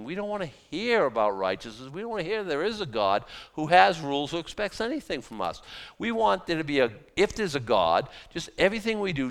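Man, pastor, sermon, lively swooping delivery, gravelly, conversational with mocking asides. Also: on the high side, long reverb tail.

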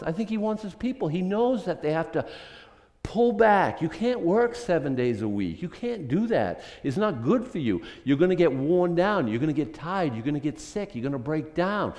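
Animated man preaching a conversational sermon. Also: high-pitched, in a large hall. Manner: conversational, animated, rhetorical questions. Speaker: pastor.

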